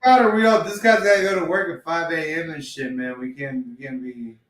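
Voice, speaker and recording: A middle-aged man hosts a casual podcast, joking around and swearing freely. His voice is unusually high for a man. Noticeable room echo surrounds him. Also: quick pace, crowd noise. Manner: joking, profane, animated talker. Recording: roomy echo.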